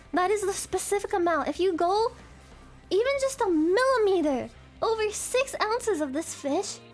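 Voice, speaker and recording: Very high-pitched, unhurried, profane woman streamer. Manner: profane, rambling, giggly. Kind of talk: casual chat.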